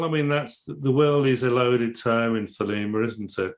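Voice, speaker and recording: A man's voice: medium pitch, moderate pace. Man musing over a tarot card. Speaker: tarot teacher. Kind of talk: casual explanatory discussion.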